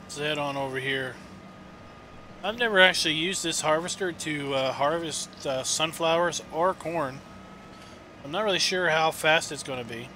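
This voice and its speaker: Rambling game streamer, a man with a fairly high, very bright voice, quiet hum behind. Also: moderate pace. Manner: rambling, chatty, with many fillers. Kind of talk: casual gameplay chat and storytelling.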